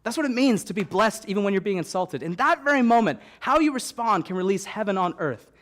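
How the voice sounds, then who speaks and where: A young man preaching a sermon as young adults pastor, animated and repeating key phrases for emphasis, with light joking asides. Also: sits high, brisk. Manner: joking asides, stops to soothe a baby.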